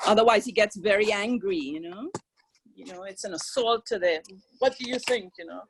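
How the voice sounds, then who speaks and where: A woman's voice: mid-range voice, a little fast, slight background noise, poor audio. An older woman, speaking as a caregiver guest on a webinar, earnest and conversational. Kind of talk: sharing personal experience on a webinar.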